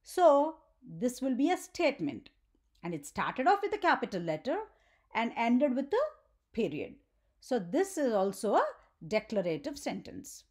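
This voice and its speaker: A woman teaching a grammar lesson for children, often checking in with "right?" and asking the viewer questions. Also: high voice.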